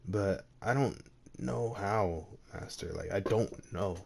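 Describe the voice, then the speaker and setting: A man's voice: lowish voice, takes it slowly, gravelly, heavily acted. A man voicing a grieving young male student, who pleads with his master in a tearful way. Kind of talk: storytelling.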